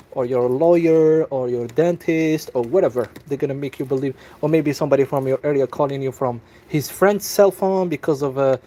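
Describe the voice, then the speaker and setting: A man casually telling viewers about a scam call, indignant and animated, with many restarts. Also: a little high. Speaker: vlogger.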